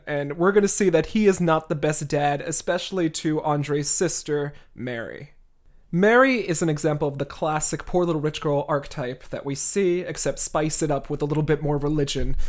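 Casual, irreverent podcast host with a mid-range voice, chatty book-club energy. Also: mid-range voice. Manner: chatty, irreverent, occasional swearing.

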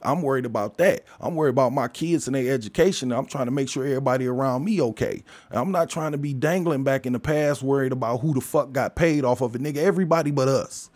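A man's voice: medium pitch, fast, hardly any pauses, darkish tone, dry recording. A man ranting in a casual monologue, blunt and emphatic, swearing heavily and firing rhetorical questions at listeners. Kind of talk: casual profane rant.

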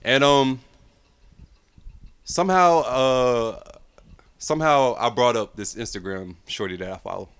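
A man's voice: medium pitch, unhurried, pauses often, a bit bright, smooth. A man co-hosting a podcast, telling stories in a laid-back, profane way. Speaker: podcast co-host. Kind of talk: casual chat.

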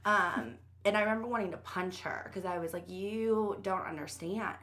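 A woman's voice: fairly low pitch, fairly quick, sharp tone. A young woman on a podcast, telling a personal story candidly in casual chat, with lots of fillers and cursing. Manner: candid, profane, many fillers. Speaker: podcast guest.

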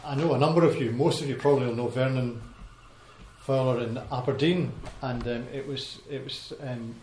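A man's voice: medium pitch, fairly even intonation, normal speed, a little mellow. Hesitant man giving a talk in an echoey hall. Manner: hesitant, many ums and restarts. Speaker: speaker giving a Bible talk. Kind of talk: informal talk to a congregation. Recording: echoey hall with faint noise.

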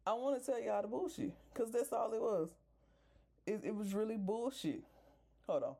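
A woman's voice: fairly high pitch, normal speed, gravelly, warm tone, breathy edge. A woman podcast host telling a story in a casual rant, exasperated, swearing freely and talking straight to her listeners.

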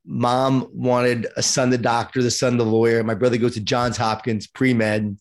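Here a middle-aged man from Long Island, New York, guests on an interview and walks through his life story at a moderate pace. He speaks in a mid-range voice, lively and quick to mock himself.

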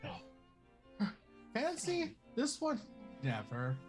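A prim, flustered high-society caretaker who gushes apologies in a posh, breathy way, as a player puts them on. Their pitch leaps all over the place, in a tabletop role-play. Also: very animated, a little slow, soft background music. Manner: posh, breathless, overly courteous.

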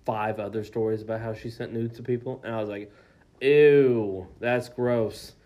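A man's voice: lowish voice, little pitch movement, fast talker, darkish tone. A young man co-hosting a casual podcast, telling a story with lots of swearing and acted-out quotes. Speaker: podcast co-host.

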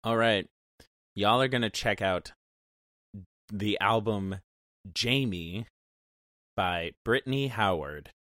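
A man's voice: lowish voice, a bit bright, no room sound, clean studio sound. A man co-hosting a podcast, joking around in a playful, easygoing way. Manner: playful, jokey, quick to laugh. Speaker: podcast co-host. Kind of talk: casual chat.

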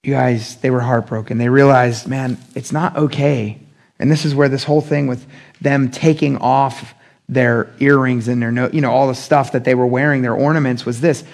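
A young adult man preaching a casual midweek sermon, talking in an animated, conversational way with slang and acting out the voices he quotes. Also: mid-range voice, normal speed, vocal fry. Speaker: pastor.

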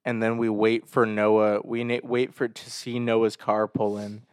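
A man's voice: on the low side, little pitch movement, unhurried, darkish tone, clean tone, no room sound, clean studio sound. Young man joking around on a podcast. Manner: laughing, joking, teasing. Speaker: podcast co-host. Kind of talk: casual chat among friends.

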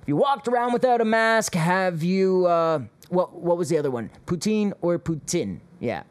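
A man's voice: high-pitched, expressive, normal speed, smooth, dry recording. A man hosting a casual call-in show, talking in a sarcastic, rambling way with chuckling asides. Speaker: host.

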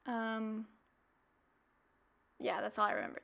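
A woman hosting a podcast, telling personal stories in a casual, animated way, with playful asides and mock outrage. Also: on the high side, unhurried, gravelly. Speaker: podcast host. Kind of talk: casual chatty monologue.

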